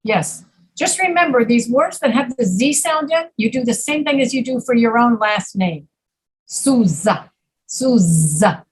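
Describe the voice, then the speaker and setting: A woman teaching an English pronunciation class, patiently repeating words slowly to demonstrate sounds. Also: a little high, slightly rough, poor audio. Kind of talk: online pronunciation lesson.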